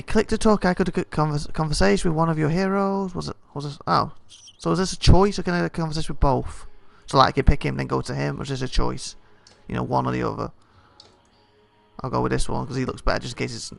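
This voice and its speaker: A man's voice: fairly high pitch, creaky, no room sound. A man playing a video game and reading its text aloud, tripping over names and adding joking asides. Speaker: let's play host.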